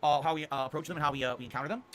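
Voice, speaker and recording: Guy streamer rattling off his schedule super fast, upbeat and rambly, kinda high voice. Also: fairly even intonation, soft background music. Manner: upbeat, rambling, often ends with "okay?". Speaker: game streamer. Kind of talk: casual stream schedule rundown.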